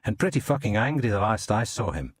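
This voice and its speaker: A man's voice: fairly low pitch, lively intonation, brisk, breathy edge, dry recording, studio quality. A man voicing a wry detective telling an amused anecdote.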